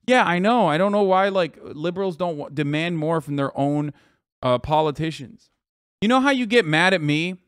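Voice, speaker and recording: A man's voice: fairly high pitch, animated, clean tone, no room sound, studio quality. Angry profane man ranting to a stream. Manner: angry, profane, rapid rants; talks to chat directly. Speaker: livestreamer. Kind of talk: heated political commentary.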